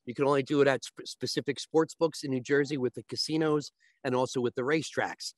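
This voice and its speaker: A man as a guest on a talk show, explaining sports betting step by step and often checking with a quick "right?". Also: mid-range voice, fairly even intonation, no room sound.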